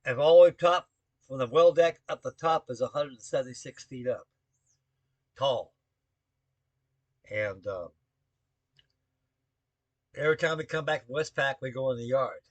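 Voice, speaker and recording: A man's voice: mid-range voice, normal speed, pauses often, no echo. An older man, a navy veteran, rambling through a spoken story to the camera with folksy, salty talk full of shipboard jargon.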